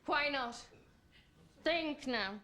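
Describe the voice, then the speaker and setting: A woman's voice: high-pitched, very slow, background noise. A woman narrating on stage in an ironic, playful storytelling manner.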